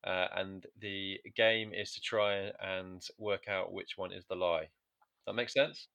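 Bright-voiced podcast host, halting. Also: male voice, sits low, fairly even intonation, vocal fry, dull audio. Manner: hesitant, stumbling restarts, dry. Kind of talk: casual comedy podcast banter.

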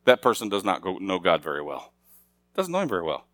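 A man's voice: low-pitched, wildly swooping pitch, fast, a bit bright, no room sound. A middle-aged man preaching a sermon as pastor, talking casually with the congregation and rising to emphatic, raised passages.

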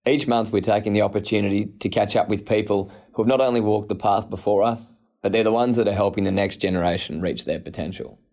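A man hosts a podcast and reads a scripted opening in a steady, measured way. His voice sits on the low side. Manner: steady, reading a prepared intro. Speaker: podcast host.

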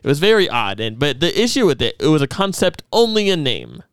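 Young man, podcast host, smooth clear voice, dry close mic, casual and animated. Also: fairly high pitch, brisk, no echo. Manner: chatty, animated, laughs often. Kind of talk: casual chat.

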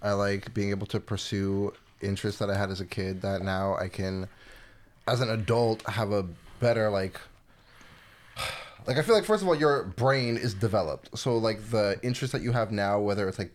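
A man's voice: on the low side, steady tone, normal speed. A man in his twenties chatting casually on a podcast, laid-back, with lots of filler words and some swearing. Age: 20s. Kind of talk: casual chat.

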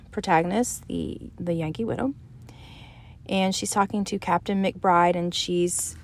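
A woman's voice: mid-range voice, no echo. A woman author talking earnestly to writers, with hesitant fillers and restarts. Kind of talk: casual teaching talk.

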